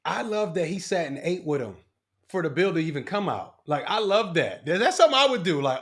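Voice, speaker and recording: A man's voice: high voice, very animated, a little fast, a bit bright. A man co-hosting a talk show, playful and enthusiastic in casual banter. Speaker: co-host.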